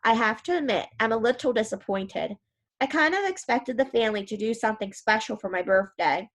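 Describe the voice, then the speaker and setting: A woman reading a first-person audiobook with gentle, expressive storytelling. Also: on the high side, brisk. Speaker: audiobook narrator.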